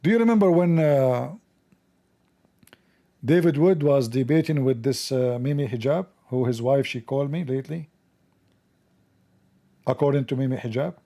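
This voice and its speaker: A man's voice: medium pitch, moderate pace, long pauses. Sarcastic male commentator. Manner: sarcastic, animated, mocking. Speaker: host. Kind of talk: casual commentary video.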